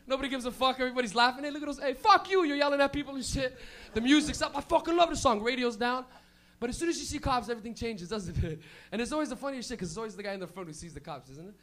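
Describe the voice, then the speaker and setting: A young man with a Canadian accent doing a loud, rambling stand-up set in a club, laughing at his own jokes. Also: very high-pitched, rapid-fire. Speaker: stand-up comedian. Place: comedy club, live audience.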